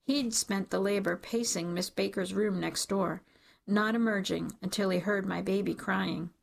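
A woman's voice: medium pitch, steady tone, moderate pace, gravelly. A woman reading a first-person story aloud in an intimate, emotional narrating style. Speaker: audiobook narrator.

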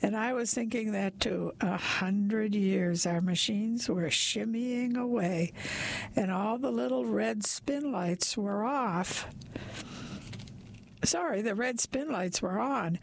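A woman's voice: mid-range voice, slow pace, gravelly. A woman reading a short story aloud in first person, in a wry, confiding, plain-spoken way. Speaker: reader.

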